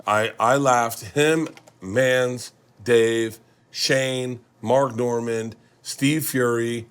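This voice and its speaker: A man's voice: medium pitch, extremely slow, clean tone. A middle-aged man hosting a casual chat, telling road stories with friends and acting out what they said. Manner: animated storyteller, acts out quotes from friends. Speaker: host. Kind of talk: storytelling among friends.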